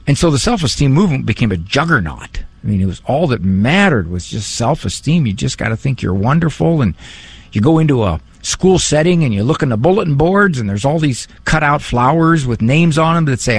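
A man who is a psychologist, giving a casual talk on parenting and faith, animated and fond of mimicking voices for humor. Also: fairly high pitch, normal speed, gravelly, slightly rough, dry recording. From Italian heritage.

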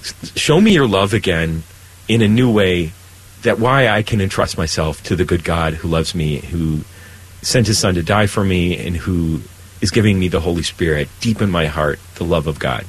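Husky-voiced priest talking earnestly. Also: male voice, normal speed, rough recording. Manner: earnest and animated, rising pitch when stirred. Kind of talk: conversational spiritual talk.

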